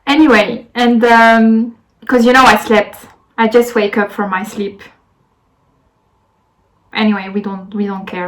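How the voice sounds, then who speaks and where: A woman's voice: on the high side, fairly even intonation, unhurried, poor audio. Chatty young French woman vlogging. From France. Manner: chatty, rambling, many fillers and restarts. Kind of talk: casual storytime vlog.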